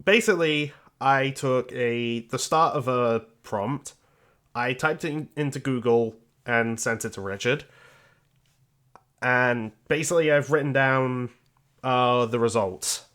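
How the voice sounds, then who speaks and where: A man's voice: mid-range voice, a little slow, fairly bright tone. Man hosting a podcast game, loose and chatty. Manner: loose, filler-heavy, explaining. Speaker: podcast host running a quiz game. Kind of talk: casual chat.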